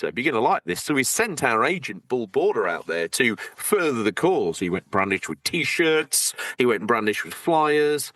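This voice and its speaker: Playful man giving shout-outs. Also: on the low side, dry recording, clean studio sound. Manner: playful, teasing, rambling with jokey asides. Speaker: podcast co-host. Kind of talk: casual banter, reading out supporter thanks.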